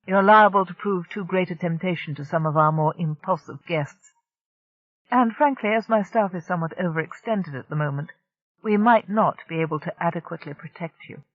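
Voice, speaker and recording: An audiobook narrator voicing a male crime-family enforcer who speaks smoothly and issues quiet threats. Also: medium pitch, fairly quick, dry recording, lo-fi sound, natural voice. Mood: cool menace.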